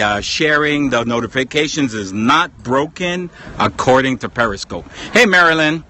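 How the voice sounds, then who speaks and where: An American journalist livestreams from outdoor palace ruins with people around, casually greeting his viewers and laughing often. He uses a phone on a tripod, and his mid-range voice has a sharp tone, with a little hiss or hum.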